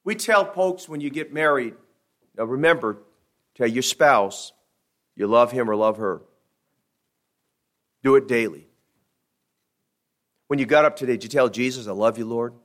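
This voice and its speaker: A male pastor preaching a sermon, telling a folksy joke and then reading scripture slowly and emphatically. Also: medium pitch, fairly bright tone.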